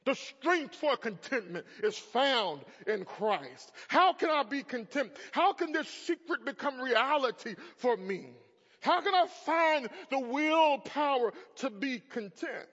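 A man in his thirties preaching a sermon as a pastor, swinging from hushed tones to loud emphatic peaks. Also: extremely high pitch, sing-song, takes it slowly. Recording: muffled sound in a large reverberant hall.

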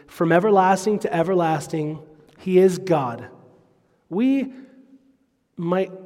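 Slow-preaching man in a reverberant hall. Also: a little high, warm tone. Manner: expository preaching, quoting scripture. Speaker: pastor. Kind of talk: sermon.

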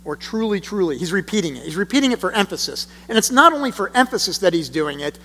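A high-voiced man preaching from scripture, earnest and emphatic, with deliberate pauses. He reads passages aloud before explaining them as a pastor. His voice rings out with a long reverb in a church sanctuary. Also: very animated, gravelly, pushed and bright. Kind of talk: sermon with scripture reading. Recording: long reverb of a large hall.

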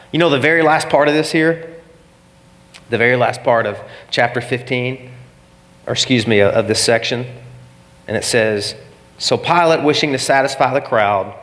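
A man's voice: mid-range voice, fairly bright tone. A man preaching a sermon, telling the story dramatically and acting out the scenes. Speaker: pastor. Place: church. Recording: long reverb of a church hall.

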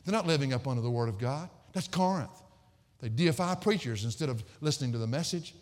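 A man preaching a sermon as pastor, swinging between loud emphatic declamation and low, conversational asides. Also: expressive, quick pace, long reverb tail.

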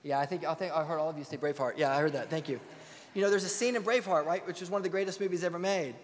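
A man preaching a sermon as pastor, firing rhetorical questions and swinging from loud urgency to hushed tones. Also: on the high side, racing, slight background noise. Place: church sanctuary. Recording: long reverb in a large hall.

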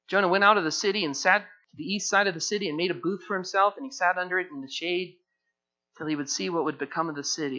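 Bright-voiced male preacher, lo-fi. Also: sits high, fast talker. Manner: emphatic scripture reading with paraphrased dialogue. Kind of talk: sermon. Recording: dull lo-fi recording.

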